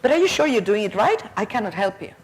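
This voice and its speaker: A woman's voice: medium pitch, very animated, quick pace. A woman voicing a young, nervous female trainee teacher, who talks to a pupil in a coaxing, encouraging way.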